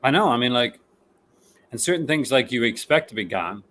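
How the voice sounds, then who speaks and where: A man's voice: medium pitch, animated, a little fast, fairly bright tone, slight background noise. A sleepy man chatting casually as co-host of a livestream and greeting viewers by name. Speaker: co-host of a film collecting livestream. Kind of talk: casual live chat.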